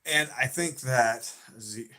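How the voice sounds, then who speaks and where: A man with a Southern accent hosting a livestream, chatting excitedly and emphatically with viewers, repeating his points. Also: mid-range voice, a little slow. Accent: American Southern. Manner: excitable and emphatic, repeats himself, talks back to chat. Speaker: livestream host. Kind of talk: casual fan chat on a livestream.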